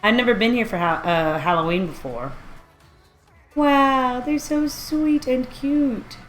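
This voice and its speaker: A woman's voice: a little high, slow, soft background music. A woman streaming a video game live, chatting casually and rambling as she reacts aloud to what she sees. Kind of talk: casual live-stream chat while playing.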